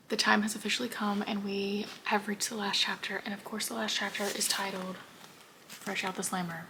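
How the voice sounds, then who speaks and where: A woman's voice: medium pitch, little pitch movement, moderate pace, background noise. A young woman talking casually in a reading vlog, emotional and often dropping to a whisper. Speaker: book vlogger.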